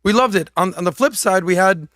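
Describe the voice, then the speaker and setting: A man co-hosting a podcast who tells stories casually, with hesitant pauses. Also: high voice, a bit bright, no echo, clean studio sound. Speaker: podcast co-host. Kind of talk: podcast discussion.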